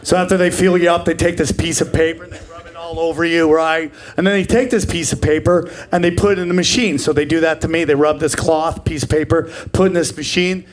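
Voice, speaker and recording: A man in his forties doing live stand-up comedy, brash and profane, bursting into shouted voices. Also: on the high side, fairly even intonation, brisk, hardly any pauses. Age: 40s. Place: comedy stage before a laughing audience.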